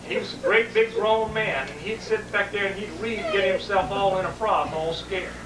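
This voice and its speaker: A man telling a comic family story to a live audience, animated and repetitive. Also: high voice, normal speed. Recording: echoey room, distant mic, noisy.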